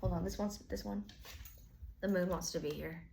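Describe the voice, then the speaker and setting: A woman's voice: on the low side, moderate pace, vocal fry, noisy background. A woman giving a casual tarot reading, rambling and full of filler words, with the odd swear. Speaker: tarot reader.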